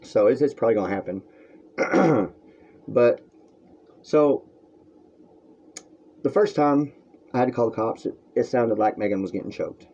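With a mellow, medium-pitched voice, a vlogger speaks in an animated but unhurried way, pausing often. His crude, rambling and heated rant is delivered to the camera from a room at home on a dull lo-fi recording.

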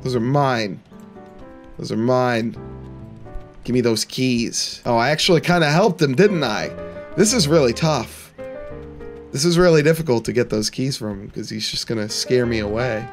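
A man's voice: medium pitch, lively intonation, normal speed, faint music behind. A young man giving playful let's-play commentary, laughing often and mock-taunting the characters in the game. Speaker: gaming channel host.

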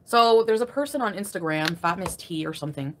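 A woman livestreaming from home, venting in an angry, crabby, profane rant that jumps between grumbling and sharp loud outbursts. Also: fairly low pitch, expressive, brisk, slight background noise. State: crabby and irritated. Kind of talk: ranting live stream chat.

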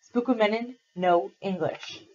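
A woman's voice: mid-range voice, measured pace, a little mellow, dull audio, lightly acted. A woman voicing a stern Mohawk adoptive mother who gives curt, firm commands.

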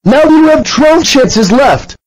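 A man doing a shrill, fed-up cartoon dinosaur who scolds in a high, jumpy voice and keeps hammering the same threats over and over. The sound is bone-dry and close, as if from a computer voice. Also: lively intonation, slow pace, no room sound, heavily acted, poor audio. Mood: scolding. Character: angry purple dinosaur, male, fed up.

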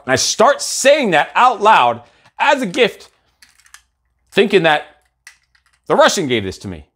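A man's voice: sits high, wildly swooping pitch, measured pace, long pauses, fairly bright tone, breathy edge. A middle-aged man hosting a live motivational show, talking in a blunt, profane, intense way. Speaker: coach and show host.

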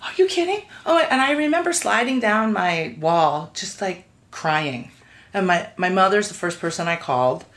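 A middle-aged woman on a podcast, telling an anecdote with lively voiced-out quotes as the interview guest. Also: moderate pace. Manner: acts out quoted voices, swings pitch widely.

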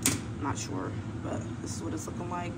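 A woman's voice: low voice, very animated, moderate pace. A young woman, chatting casually in a home vlog and venting candidly about a rude caller. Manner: candid, slangy, venting with heated retelling. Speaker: vlogger working from home. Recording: home recording with clear background noise.

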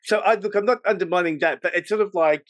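A man hosting a podcast, asking probing questions in a lively, filler-heavy conversational way. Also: high-pitched, fast, no room sound. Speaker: podcast host. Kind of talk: interview conversation.

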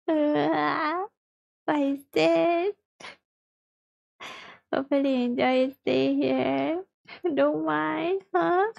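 High-voiced, unhurried woman streamer. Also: vocal fry, a little mellow, dry recording. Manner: chatty, giggly, reads viewer chat aloud. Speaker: livestreamer. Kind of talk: casual livestream chat while gaming.

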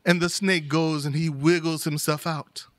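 A male storyteller tells a folktale aloud with animated, rhythmic repetition. His voice sits high and sounds bright and forceful. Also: normal speed.

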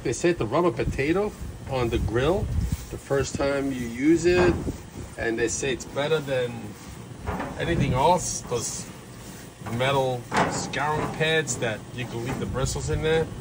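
A man in an easygoing, chatty home-cooking video, pitched in an ordinary middle range. He talks viewers through the steps with frequent fillers and little asides. The audio is caught on the filming camera outdoors, with clear background noise behind him. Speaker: home cook showing a recipe. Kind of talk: casual cooking demonstration. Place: kitchen, then an outdoor backyard grill.

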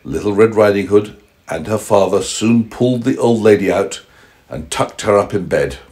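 Low, husky man reading a bedtime story. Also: normal speed. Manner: gently questioning, teaching a toddler. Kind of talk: reading aloud to a small child.

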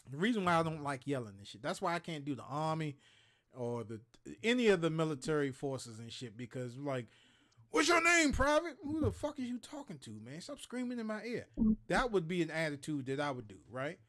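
A man from Maryland tells rough, profane stories on a livestream, in a voice that sits a little high for a man and swings widely as he acts out each scene. He is casual and animated, in his thirties. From Maryland, USA. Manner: profane, animated storyteller who acts out other people's lines. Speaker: co-host of a gaming talk show.

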